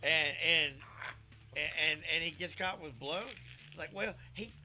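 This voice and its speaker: A man hosting a podcast, retelling a story in a profane, animated way and quoting himself often. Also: a little high, takes it slowly. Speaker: podcast host. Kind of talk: casual storytelling chat.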